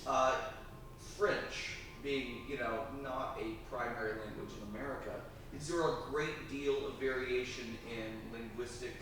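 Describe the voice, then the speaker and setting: A man's voice: mid-range voice, fairly even intonation, unhurried. A man moderating a panel, asking thoughtful, hesitant questions. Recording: echoey, distant, noisy festival recording.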